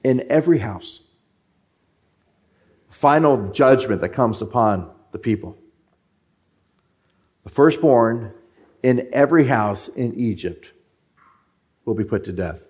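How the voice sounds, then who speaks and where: A man delivering a sermon, alternating between reading scripture and explaining it. He is emphatic and often repeats phrases for stress. His voice sits at an ordinary middle pitch. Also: darkish tone. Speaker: preacher.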